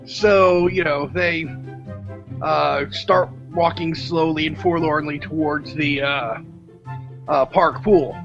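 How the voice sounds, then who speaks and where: Gravelly male podcast co-host, rambling storyteller, lo-fi audio with music bed. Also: on the high side, a bit bright. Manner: rambling, many "uh" fillers. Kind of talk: casual storytelling recap. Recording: muffled lo-fi with background music.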